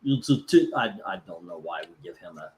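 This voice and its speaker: A man's voice: low voice, animated, a little fast, darkish tone. Rambling man hosting a live stream. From Florida. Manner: rambling, many fillers and restarts. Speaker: host. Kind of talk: casual live-stream chat.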